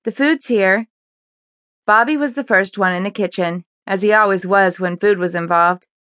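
A woman narrating a fiction audiobook in a steady, even storytelling manner on a close microphone. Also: mid-range voice, a little fast, clear, resonant tone, no echo.

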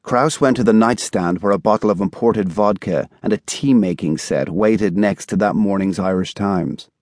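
A man reading a thriller audiobook in a measured, even storytelling style, recorded on a studio microphone. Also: on the low side, no echo. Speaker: audiobook narrator. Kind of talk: scripted narration.

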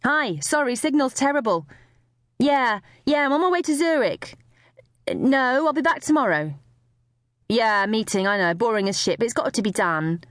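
A brisk business traveller chatting offhandedly into a phone, as a woman narrator plays them. The voice sits high and lively. The storybook reading is close and dry. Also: dry recording. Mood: breezy.

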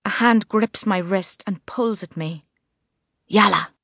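A woman reading a first-person novel as narrator, measured and vivid. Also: medium pitch, dry recording, clean studio sound. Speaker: audiobook narrator. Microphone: studio mic.

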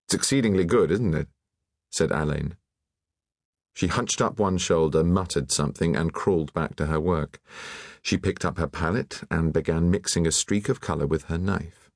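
A man with a very deep, low voice reading a classic mystery audiobook in a measured, even way. The recording is close and dry, with no room sound at all. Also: vocal fry, no echo. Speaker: audiobook narrator. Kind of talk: scripted narration.

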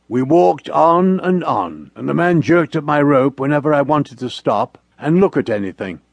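A man's voice: fairly high pitch, gravelly, dry recording. A man narrating an audiobook story in the first person as a cheerful, friendly dog.

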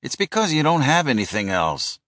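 A man's voice: mid-range voice, wildly swooping pitch, a little fast, a bit bright, no echo, clean studio sound, pitched above the performer's own voice. A man voicing a nervous, profane male co-pilot in an audiobook who grumbles and snaps. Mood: grumbling. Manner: jumpy, grumbling.

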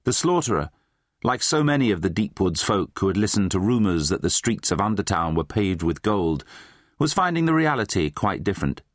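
Expressive male storybook narrator, dry close sound. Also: deep voice, a little fast, no room sound. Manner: expressive, voices many characters. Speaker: audiobook narrator.

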